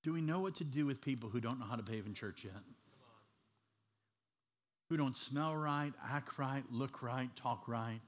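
A man preaching a sermon as an animated, humorous storyteller. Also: medium pitch, moderate pace, pauses often.

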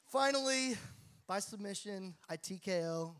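A male pastor preaching a sermon, telling a story in an animated, jokey way and laughing at his own tales. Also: sits high, moderate pace.

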